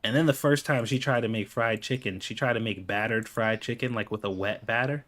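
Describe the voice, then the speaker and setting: A man's voice: mid-range voice, fairly even intonation, fairly quick, fairly bright tone. A man in the middle of his range tells stories casually over gameplay. He swears freely and sounds exasperated, breaking into laughter often. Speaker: gaming video creator.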